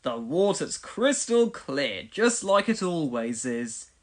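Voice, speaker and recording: A woman voicing a slow, suspicious grown man from a village, in a storybook. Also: deep voice, big pitch swings, full character voice. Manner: slow, doubting.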